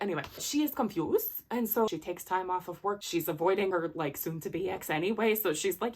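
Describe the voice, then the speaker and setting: A woman's voice: lowish voice, animated, brisk, few pauses, breathy edge. A woman vlogger chatting enthusiastically about books she read, rambling with fillers and restarts. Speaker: book vlogger. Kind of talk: casual book review chat.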